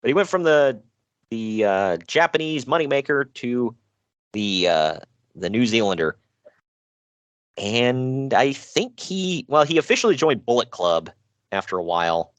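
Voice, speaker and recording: A man's voice: mid-range voice, very animated, a little slow, no echo. A man hosting a casual podcast, reading out wrestling news with jokes and frequent laughs. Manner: jokey, self-deprecating, laughs often. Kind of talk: casual chat.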